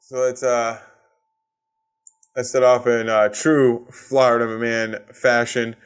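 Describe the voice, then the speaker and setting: Boston guy ranting on his podcast, swears nonstop, sarcastic, average pitch. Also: level tone, takes it slowly, faint music behind. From Massachusetts. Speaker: podcast host. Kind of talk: solo comedic rant.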